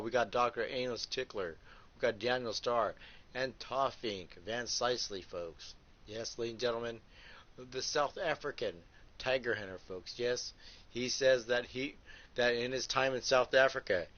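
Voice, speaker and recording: A man's voice: medium pitch, unhurried, fairly bright tone. A man hosting a wrestling video game livestream, calling the action like a ringside announcer with crude rhyming jokes and constant "folks". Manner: ringside announcer patter, keeps saying folks. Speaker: host and wrestling commentator. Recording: muffled lo-fi with clear background hiss.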